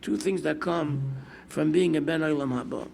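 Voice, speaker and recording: Brief: older New rabbi, gravelly and a bit high, storytelling sermon, faint hiss behind. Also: male voice, normal speed. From United States. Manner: storytelling with lively quoted asides, mixing Hebrew and Yiddish terms. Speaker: rabbi giving a Torah class.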